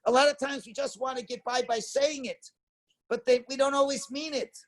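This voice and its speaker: A man, a rabbi, giving a Torah class lecture with emphatic stresses and rhetorical questions, swinging between loud stresses and soft asides. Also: very high voice, steady tone, normal speed. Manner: emphatic, rhetorical questions, mixes Hebrew and Yiddish terms.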